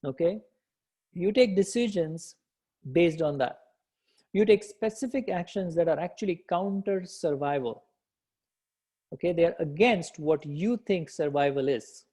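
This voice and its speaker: A man's voice: a little high, measured pace, long pauses, warm tone. A man coaching entrepreneurs in a live session, encouraging and repetitive, answering participants as he goes. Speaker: business coach.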